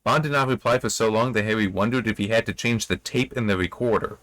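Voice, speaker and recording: A man's voice: fairly low pitch, fast, a bit bright, no room sound. A man reviewing a novel, reading passages aloud and adding rambling, self-correcting commentary. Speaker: book reviewer.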